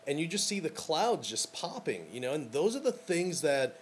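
Guy rambling on his photo podcast, upbeat, lots of uhs and you knows, faint low rumble behind. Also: very animated, moderate pace. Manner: rambling and enthusiastic, many fillers. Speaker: podcast host and wedding photographer. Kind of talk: casual podcast monologue.

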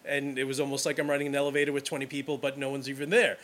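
A man's voice: mid-range voice, flat delivery, rapid-fire, fairly bright tone. A wedding photographer from Brooklyn, a man talking casually and enthusiastically, rambling with restarts as he gives advice. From Brooklyn, New York.

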